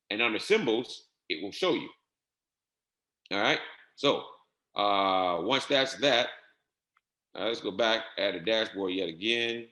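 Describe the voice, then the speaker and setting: A man walking viewers through trading software settings step by step in a casual, repetitive way. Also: fairly low pitch, reverberant. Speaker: trading instructor. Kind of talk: screen-share software tutorial.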